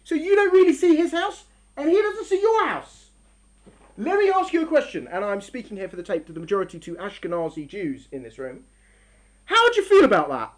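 A woman speaking a little fast with a fairly high pitch gives a religious lecture to a live audience in a room. Her story analogies are animated, with scenes acted out and sentences often restarted.

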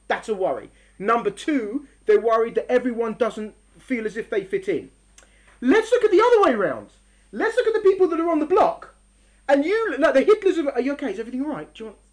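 A woman giving a religious lecture to a live audience in a room, telling story analogies in an animated way, acting out scenes and often restarting her sentences. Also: fairly high pitch.

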